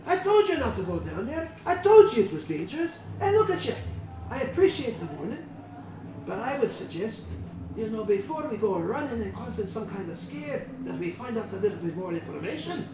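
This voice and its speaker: A man's voice: sits high, big pitch swings, a little fast, roomy sound, recorded from a distance, background noise. A man voicing a brusque middle-aged male tavern keeper in a tabletop game, haggling and grumbling. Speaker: dungeon master.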